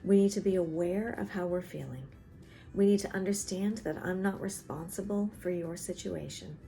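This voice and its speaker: A woman therapist calmly explaining emotional boundaries, acting out small everyday conversations as she teaches. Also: lowish voice, moderate pace, vocal fry, faint music behind. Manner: gentle and explanatory, acts out little dialogues. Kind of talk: teaching talk to camera. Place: in South Carolina.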